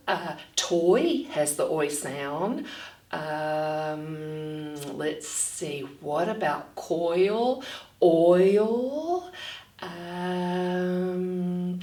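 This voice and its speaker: A woman reading a storybook aloud and then teaching phonics to children, animated and gasping, speaking slowly and clearly. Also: lowish voice. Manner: animated, with dramatic gasps, slow and clearly spoken. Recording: echoey room, far from the mic.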